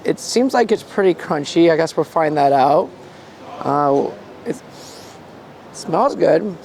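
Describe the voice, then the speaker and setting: A man's voice: fairly high pitch, animated, slow pace, gravelly, a little mellow, a little hiss or hum. A man with a stuffy nose, playfully reviewing pastries in a casual outdoor food vlog. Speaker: food vlogger in costume.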